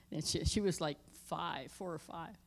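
Speaking from a church sanctuary, a woman pastor in middle age tells a personal story in her sermon. Tension brings her voice down low, while emphasis pushes it up loud.

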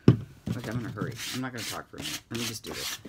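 A chatty middle-aged woman with a low voice that swoops up and down a lot, rambling along and poking fun at herself as she works. Her talk sits over loud rubbing, sanding and clicking from the craft project, recorded at home with a window open. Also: lively intonation, racing. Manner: chatty, rambling, self-mocking, often whispering asides. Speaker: craft vlogger. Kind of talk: casual chat while painting. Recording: loud background crafting noise. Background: sanding, rubbing and clicking sounds.

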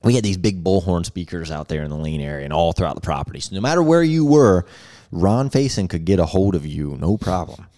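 A man's voice: low-pitched, brisk, hardly any pauses. A man hosting a casual podcast, telling a childhood story with laughs and acted-out quotes. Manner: lively, laughing, acts out quotes. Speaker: podcast host.

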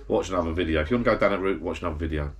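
Low-pitched and racing, a male vlogger rambles through pub stories to the camera from his backyard garden bar. His anecdotal monologue is chatty and meandering, full of blokey storytelling and self-corrections.

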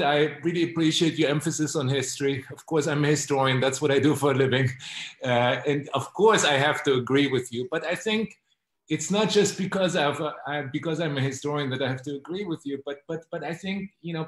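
A man, a professor co-hosting a webcast panel, giving closing remarks on a video call in a thoughtful, halting way that repeats words. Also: a little high. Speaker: professor and co-host. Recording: echoey room audio.

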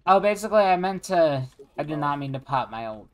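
Excitable self-mocking male streamer. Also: on the high side, fairly quick. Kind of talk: casual gaming chat.

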